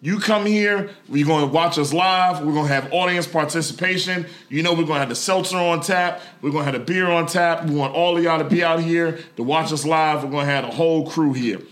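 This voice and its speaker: A man in his forties hosting a casual live podcast with friends, loud and laughing as he hypes an event. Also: on the high side, brisk, few pauses. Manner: loud, laughing, hyped promoter. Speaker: podcast host.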